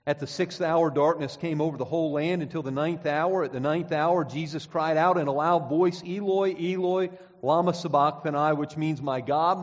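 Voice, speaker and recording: A man preaching a sermon in a church, relaxed and conversational, stumbling over repeated words as he reads scripture aloud. His voice sits a little high for a man. The recording is dull and muffled, with a long reverb trailing off the hall walls.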